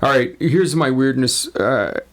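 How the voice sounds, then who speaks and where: A middle-aged man with a gravelly, fry-tinged voice at an ordinary pitch. He co-hosts a casual family chat, teasing in a dry way and often restarting his sentences. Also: unhurried. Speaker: podcast co-host, father.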